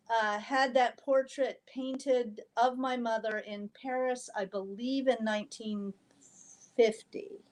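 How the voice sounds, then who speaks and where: Thoughtful woman poet with a high voice. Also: a little mellow. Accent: American, faint Southern trace. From American South. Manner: thoughtful, pausing with ums. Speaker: poet and author guest. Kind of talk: casual interview conversation.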